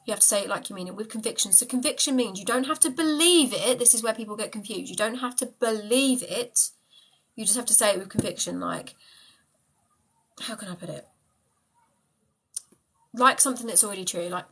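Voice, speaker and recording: A manifestation coach hosts a casual live stream, answering viewers' questions about manifesting in a loose, chatty way and affectionately addressing commenters. Her bright, forward voice is fairly high and husky, she talks fairly quickly, and the recording is rough.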